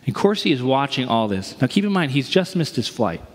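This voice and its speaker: A man's voice: mid-range voice, a little fast. A middle-aged man preaching a sermon, telling a story and acting out the voices of its people. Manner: storytelling, animated, acts out quoted voices. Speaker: pastor. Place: large church auditorium. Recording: long reverb of a large hall.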